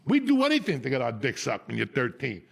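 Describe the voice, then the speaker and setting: Gravelly profane storytelling man. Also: mid-range voice, wildly swooping pitch, quick pace. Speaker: podcast host. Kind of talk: storytelling chat.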